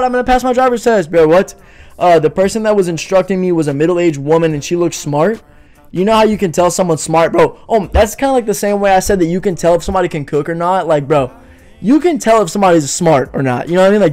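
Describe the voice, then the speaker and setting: This young man's high-pitched, slightly mellow voice carries a casual livestream podcast where he jokes, rambles, and replies to his chat. He keeps dropping "bro" and "you know what I mean."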